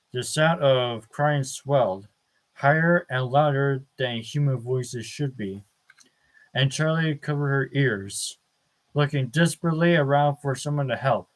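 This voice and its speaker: A man reading a novel aloud as an audiobook, measured and deliberate, with the odd stumble. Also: medium pitch, low-quality recording. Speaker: audiobook narrator. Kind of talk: slow dramatic book reading.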